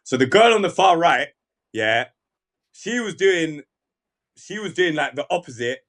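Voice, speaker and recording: A man's voice: fairly high pitch, unhurried. A young man hosting a podcast, chatting casually and acting out lines from scenes as he retells them. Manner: animated storyteller, acts out quoted lines. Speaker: podcast host. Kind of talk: casual chat.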